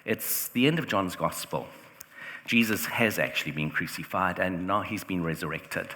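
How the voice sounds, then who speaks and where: Low-voiced man preaching in a reverberant hall. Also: normal speed, pushed and bright, slight background noise. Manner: conversational, uses "like" often, rhetorical questions. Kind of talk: sermon. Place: church hall.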